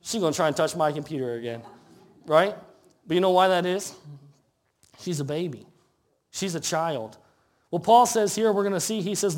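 A pastor preaching a conversational sermon, asking rhetorical questions and reading scripture slowly. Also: male voice, fairly high pitch, lively intonation. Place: church sanctuary.

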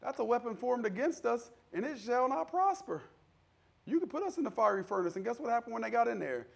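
A man preaching a sermon in a conversational style, acting out the people in his stories and building to loud, fervent peaks. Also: very high voice, big pitch swings, fairly quick, vocal fry. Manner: conversational preaching, acts out quoted voices, builds to shouting. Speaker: pastor.

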